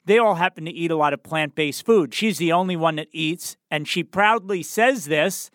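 A man's voice: a little high, moderate pace, few pauses, a bit bright, no echo, studio quality. A man hosting a health podcast, telling a personal story in an earnest, conversational way. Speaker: podcast host.

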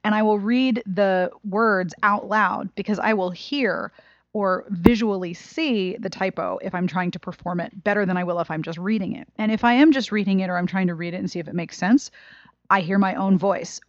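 A woman co-hosting a podcast in casual chat, expressive and self-deprecating. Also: medium pitch, normal speed, no room sound, muffled recording. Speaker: podcast co-host.

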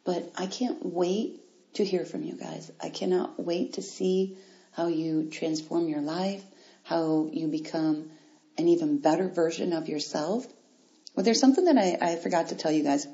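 A woman hosting a motivational podcast, speaking directly and encouragingly to her listeners in an animated way. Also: fairly low pitch, moderate pace. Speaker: podcast host. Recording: roomy, dull lo-fi sound.

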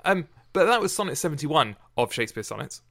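Bright-voiced man hosting a podcast. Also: fairly high pitch, big pitch swings, fast, vocal fry. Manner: chatty, encouraging, a little fussy about diction. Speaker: podcast host. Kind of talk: casual podcast chat.

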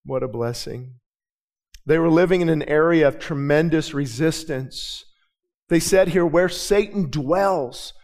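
A pastor preaching a sermon in a church, swinging from soft, halting storytelling to loud, fervent proclamation full of repeated phrases. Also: male voice, on the high side. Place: church with a balcony.

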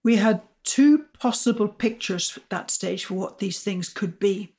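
A woman's voice: medium pitch, creaky. Older woman telling a science story. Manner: measured, explanatory storytelling. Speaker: astrophysicist guest. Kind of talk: storytelling interview answers.

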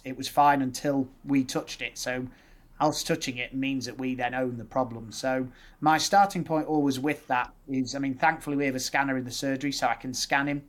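A man with a Yorkshire accent talks through his clinical approach in relaxed podcast conversation. He sets out options one after another in orderly lists, at a medium pitch. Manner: explanatory, lists options in steady sequences. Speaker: dentist guest.

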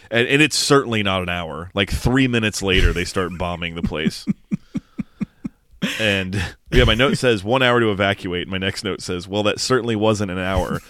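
A man with a very low, smooth voice riffs through a movie recap, swearing freely and laughing at the plot. He sounds close to the mic in a dry, dead room. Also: normal speed, a bit bright, dry recording. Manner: profane, joking, recaps scenes. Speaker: podcast co-host. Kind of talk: casual movie review chat.

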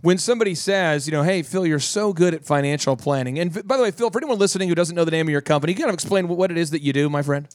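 Male radio host, rapid, animated storyteller, dry close sound. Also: fairly high pitch, no echo. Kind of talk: storytelling on a talk radio show.

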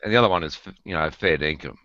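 An Australian man, a podcast guest, explaining local slang in a relaxed, easygoing way with plenty of ums. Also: deep voice, rapid-fire, dry recording, lo-fi sound. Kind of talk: casual chat.

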